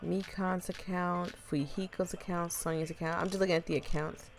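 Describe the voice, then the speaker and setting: Chatty woman streamer with a gravelly voice. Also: on the low side, steady tone, fairly quick, soft background music. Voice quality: chatty, laughs often, thinks aloud. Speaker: gaming streamer. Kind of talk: casual let's-play commentary.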